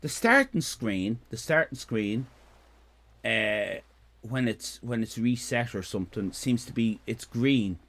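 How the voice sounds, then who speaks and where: Lively Irish man in his fifties. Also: mid-range voice, slow pace. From Ireland. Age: 50s. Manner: rambling, repeats himself, jokey and swearing. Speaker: streamer. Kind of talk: casual live-stream chat.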